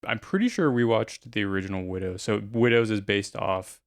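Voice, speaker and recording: Man, podcast co-host; hesitant, filler-heavy, low gravelly voice, dry mic. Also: expressive, brisk, dry recording. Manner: hesitant, lots of fillers and restarts. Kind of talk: casual podcast chat.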